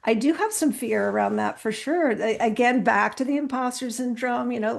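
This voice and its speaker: A woman's voice: fairly high pitch, normal speed, creaky. A woman podcast host, now the guest, talking earnestly and with animation in a casual interview, often restarting her sentences.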